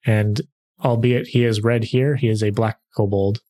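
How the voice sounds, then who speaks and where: A man's voice: fairly low pitch, fairly even intonation, moderate pace, dark tone. A man hosting a podcast and narrating as game master, talking in an easygoing way with frequent filler sounds. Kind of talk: casual podcast chat and tabletop game narration.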